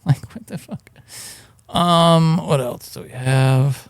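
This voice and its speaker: A man's voice: on the high side, takes it slowly, long pauses, smooth, no echo, clean studio sound. A man hosting a podcast in casual chat, laid-back and skeptical. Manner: laid-back, skeptical, reads results aloud. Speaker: podcast host.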